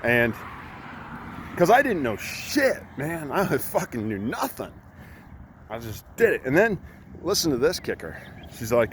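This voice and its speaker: A man's voice: mid-range voice, sing-song, normal speed, pauses often, slight background noise. A middle-aged man, a coach, telling a heated story in blunt, profane talk while out on a walk. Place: outdoors by a road.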